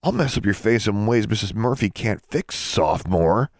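A man's voice: lowish voice, lively intonation, moderate pace, no echo, clean studio sound, voice pushed up. A man voicing a smug, taunting older schoolboy wizard.

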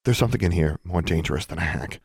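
A man's voice: low-pitched, lively intonation, fast, creaky, darkish tone, husky, dry recording, studio quality, exaggerated voice. A man voicing an anxious young woman, speaking urgently and tensely, near his own voice.

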